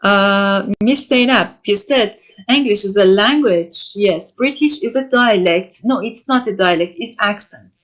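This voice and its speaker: A woman lecturer giving an online class, answering written questions from students and speaking haltingly with frequent pauses and self-corrections. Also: mid-range voice, fairly bright tone. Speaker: university lecturer.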